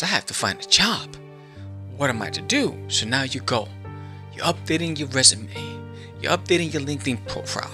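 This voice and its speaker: A man hosting a podcast, giving an animated motivational talk straight to the listener and acting out little scenes. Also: mid-range voice, creaky. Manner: animated, addresses listener directly, acts out scenes. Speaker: podcast host. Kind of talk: motivational monologue.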